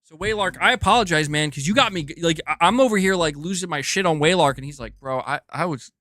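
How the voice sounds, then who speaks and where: A man hosting a gaming news livestream, reading viewer messages in casual, excitable chat and calling people "dude". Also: fairly high pitch, quick pace, no room sound, studio quality. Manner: excitable and chatty, often says "dude".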